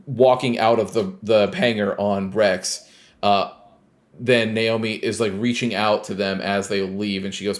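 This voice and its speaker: A man co-hosting a podcast, casually retelling a video game scene with lots of fillers and quoted lines. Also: lowish voice. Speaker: podcast co-host. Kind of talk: casual chat recapping a game.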